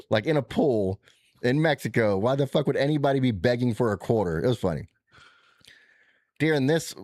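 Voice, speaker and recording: A man telling a rambling, animated, profane trip story in casual chat. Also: on the low side, no room sound, clean studio sound.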